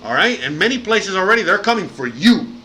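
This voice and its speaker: A man's voice: high voice, big pitch swings, a little fast, bright, forceful tone, slight background noise, low-quality recording. A man hosting a livestream, rambling and swearing freely with lots of fillers in casual chat. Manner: rambling and profane, heavy fillers. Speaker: livestream host.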